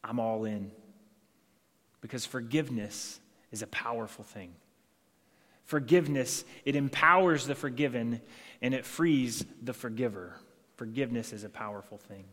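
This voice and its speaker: A man's voice: medium pitch, a bit bright. A male pastor delivers an earnest sermon. His voice sits in a middle register and trails off into the long reverb of a church sanctuary. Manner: earnest, acts out dialogue in scripture passages.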